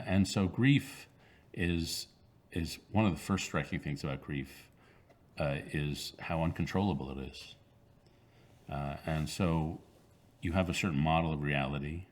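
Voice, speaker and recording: A man in his sixties with an extremely low, rumbling voice speaks in an interview. He answers thoughtfully, pausing and restarting his sentences as he works through his ideas. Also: darkish tone. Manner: thoughtful, halting, with frequent fillers and restarts. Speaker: author being interviewed.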